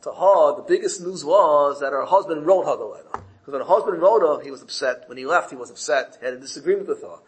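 Higher-voiced man telling a Torah parable. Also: expressive, fast, few pauses, poor audio. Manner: storytelling, lifts his voice when quoting characters; repeats words and restarts phrases. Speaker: Torah teacher.

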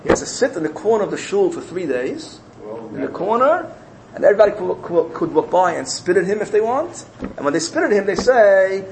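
Brief: male storyteller, lively swooping pitch, slightly raised voice, repeats phrases for emphasis. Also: a little fast, noisy background. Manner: repeats phrases, uses Yiddish and Hebrew terms. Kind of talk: animated storytelling.

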